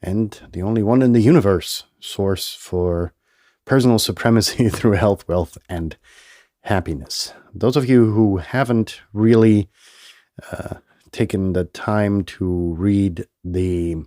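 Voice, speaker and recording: Deep voiced guy rambling on his podcast, kinda nasal from a cold, swears a lot, dry close mic. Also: slow pace, warm tone, no room sound. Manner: rambling, profane, self-amused. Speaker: podcast host. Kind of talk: casual solo podcast monologue. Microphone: headphones and studio mic.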